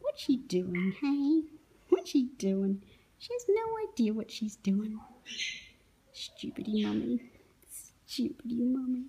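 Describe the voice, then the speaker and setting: A woman's voice: fairly high pitch, sing-song, slow pace, warm tone, slightly rough. A woman talking doting baby talk to her pet parrot, with whispery asides. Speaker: pet owner.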